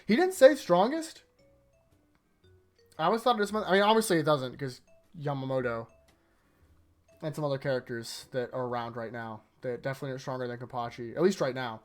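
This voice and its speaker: A man's voice: medium pitch, a little fast, long pauses, faint music behind. A man hosting an anime rewatch, recapping episodes in a rambling, casual way full of fillers. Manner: rambling, filler-heavy, animated retelling.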